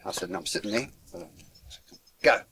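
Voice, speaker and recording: A man with an Australian accent in an interview, telling a story in an animated way and acting out other people's voices. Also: fairly high pitch, normal speed. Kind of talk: anecdotal storytelling.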